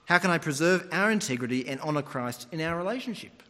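Male preacher, animated sermon delivery, high and expressive, long reverb. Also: fast. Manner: animated storytelling, mimics voices.

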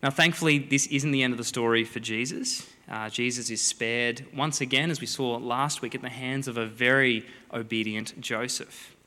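A man preaching a sermon, a lively, joking storyteller who acts out the people in the story. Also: medium pitch, normal speed, few pauses. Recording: long hall reverb.

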